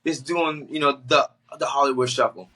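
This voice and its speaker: A young man from the Boston area tells a story as a guest on a podcast. He talks casually and with lots of slang, and he acts out the lines of the people in his story. His voice is bright and forceful. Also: medium pitch, steady tone, moderate pace.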